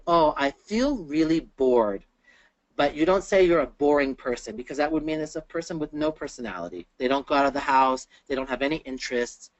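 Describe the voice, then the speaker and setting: A teacher giving an online grammar lesson who explains patiently and slows down to say each example sentence. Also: medium pitch, dry recording. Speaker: English teacher presenting a webinar. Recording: dull, lo-fi webinar audio.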